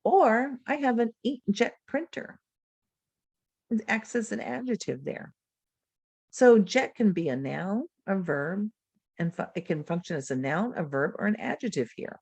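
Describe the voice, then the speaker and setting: A woman's voice: mid-range voice, expressive, a little slow, gravelly, a little mellow, husky, no room sound. A woman presenting a teacher-training webinar over a video call, explaining and modeling words and phrasing for students. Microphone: computer mic on a video call.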